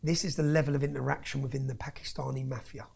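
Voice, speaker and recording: A man's voice: mid-range voice, level tone, fast, creaky, darkish tone, slightly rough. A man telling his story as an interview guest, intense and emphatic, often tagging his points with "yeah?". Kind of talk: heated personal storytelling.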